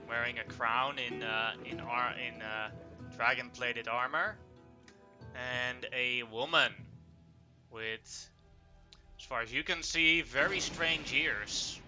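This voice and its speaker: Slow, halting game master man. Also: mid-range voice, fairly even intonation. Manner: halting, many fillers. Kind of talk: narrating a tabletop game. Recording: live stream with music behind.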